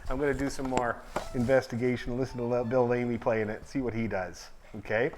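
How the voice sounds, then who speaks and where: A man's voice: mid-range voice, little pitch movement, fairly quick, background noise. A man leading a fiddle orchestra rehearsal, explaining parts in an encouraging way. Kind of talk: music rehearsal instruction. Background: fiddles playing.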